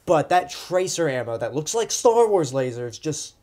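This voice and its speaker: A man's voice: fairly high pitch, sing-song, moderate pace, mellow. A man giving casual, opinionated movie reviews, chatty and loose, with frequent ums and likes.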